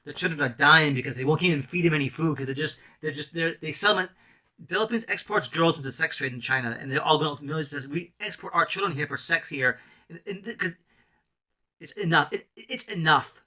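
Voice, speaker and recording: A man's voice: a little high, fast talker, sharp tone. A man in ministry giving an impassioned, rambling testimony sermon full of restarts and emotional outbursts. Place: island mission.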